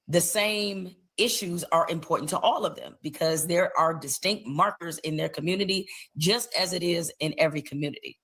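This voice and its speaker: A woman with a lowish, gravelly voice gives political commentary. She speaks in a measured, deliberate way. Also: fairly bright tone.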